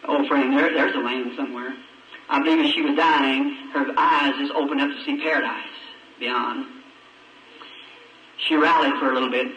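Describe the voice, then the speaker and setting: A man's voice: steady tone, normal speed, long pauses, bright, forceful tone, slight background noise. A man, telling a personal story in a folksy, emotional way. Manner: folksy, emotional, acts out voices in a high pitch. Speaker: preacher. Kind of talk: sermon storytelling. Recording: lo-fi old tape from a far mic, echoey church.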